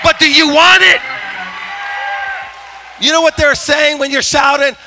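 A man preaching a sermon as pastor, shouting and building intensity in a church. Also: very high voice, fairly even intonation, measured pace, a faint crowd, slight background noise. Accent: Californian. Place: church sanctuary.

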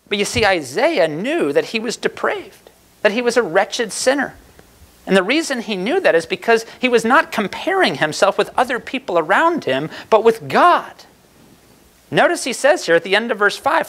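A man's voice: sits high, very animated, moderate pace, fairly bright tone. Earnest preaching man. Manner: earnest, emphatic preaching with rhetorical questions. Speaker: pastor. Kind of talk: sermon.

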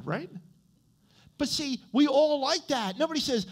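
A male pastor delivering a sermon in a church. His voice moves lively up and down, and he keeps the tone conversational, checking in with his listeners with quick "okay?" and "right?" tags. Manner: animated, with swings in pitch and loudness.

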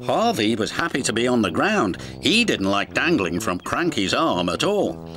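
A man's voice: medium pitch, moderate pace. A man narrating a children's story in a scripted, storytelling way. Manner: warm storybook telling, lively and expressive. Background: background music.

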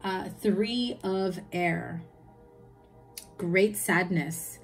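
A woman's voice: fairly low pitch, very slow, soft background music. A woman giving a tarot reading in a chatty, reassuring way, listing card meanings. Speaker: tarot reader.

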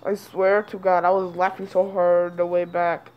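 A woman's voice: on the low side, little pitch movement, moderate pace, muffled recording. A woman telling a rambling storytime to her viewers, repeating and restarting her lines. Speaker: vlogger. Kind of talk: casual storytime.

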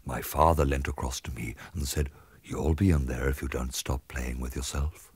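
A man voicing a dreamy, eccentric middle-aged gentleman, mournful and drifting into whispers, on a comic spoken-word record. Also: a bass voice, breathy edge, no echo, pitched below the performer's own voice, full character voice. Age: 40s.

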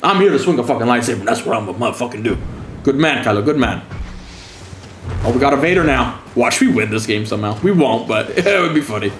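A man's voice: medium pitch, lively intonation, fast talker, fairly bright tone, reverberant, slight background noise. A man giving profane, sarcastic commentary while streaming a game, taunting opponents with mock-scared calls. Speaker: gaming streamer.

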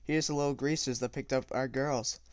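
A man reading aloud the lines of a drunk, sneering teenage bully, voicing them a bit louder than his narration. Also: mid-range voice, steady tone, a little fast, no echo, natural voice. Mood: taunting.

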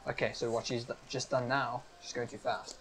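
A man acting as game master on a live stream, explaining each rule of a tabletop game step by step in a brisk, upbeat way. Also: mid-range voice, little pitch movement, a bit bright, a little hiss or hum, low-quality recording.

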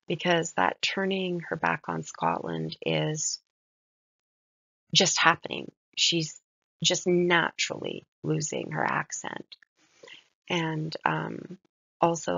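A woman's voice: fairly low pitch, gravelly, breathy edge, dry recording. A woman giving a recorded mini-lecture on a poem, reflective and admiring as she walks through its lines. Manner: reflective, admiring, soft-spoken. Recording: dull lo-fi dry recording.

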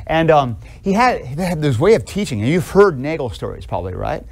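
Casual, animated male lecturer. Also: fairly high pitch, a little fast, creaky, hardly any pauses. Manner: casual, animated storytelling with many fillers. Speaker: seminary professor. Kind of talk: classroom lecture with anecdotes. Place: classroom.

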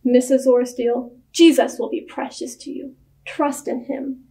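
A woman voicing an earnest young male missionary who speaks calmly and plainly, in a church storybook reading. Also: high voice, unhurried. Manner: calm and earnest.

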